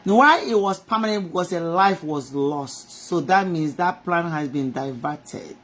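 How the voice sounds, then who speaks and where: A woman's voice: on the low side, a little hiss or hum. A middle-aged woman, giving an impassioned inspirational talk on a live stream, speaking straight to God and to her audience. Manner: impassioned, swinging between soft and loud; rhetorical, talks to God and the audience.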